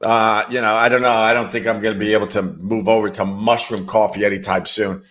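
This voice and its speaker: A man's voice: lowish voice, little pitch movement, fairly quick, a bit bright. A man hosting a casual livestream, reading chat messages and rambling wryly with casual swearing. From New York.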